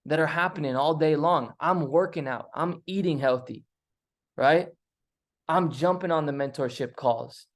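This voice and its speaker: Energetic man giving a motivational talk. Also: on the high side. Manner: energetic, emphatic, repeats himself, acts out quoted voices. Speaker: mentor speaker.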